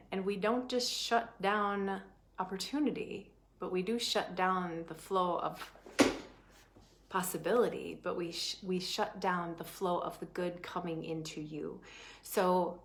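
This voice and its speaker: A woman prosperity coach giving a motivational class talk, animated and emphatic, with sudden swings between quick bursts and slow drawn-out phrases, often checking in with "right?". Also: mid-range voice.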